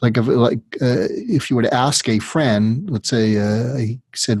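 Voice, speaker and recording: A man with a husky, slightly breathy voice walks through his method as a psychiatrist being interviewed. He builds it up step by step and sometimes slips into the words a distressed patient might use. The sound is dry and close, with no room around it. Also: medium pitch, a little slow, hardly any pauses, darkish tone, dry recording. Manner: teaching step by step, acts out what a patient would say. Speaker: psychiatrist guest. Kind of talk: explanatory interview talk.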